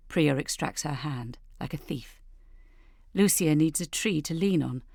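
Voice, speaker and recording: A woman narrating an audiobook in a measured, deliberate way. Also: deep voice, creaky, warm tone, no room sound, clean studio sound. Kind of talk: scripted narration.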